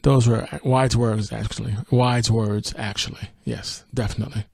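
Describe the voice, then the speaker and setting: A man hosting a music review podcast, talking through a song and reading its lyrics aloud in a relaxed way, thinking aloud as he goes. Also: lowish voice, normal speed, vocal fry, breathy edge, dry recording. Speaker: podcast host.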